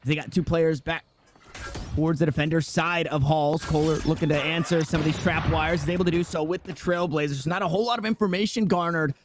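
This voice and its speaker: A man calls an esports match play by play, his voice sitting a little high. He talks in excitable bursts and often restarts his sentences. A faint hiss of noise runs under him. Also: brisk. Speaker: esports caster. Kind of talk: play-by-play commentary.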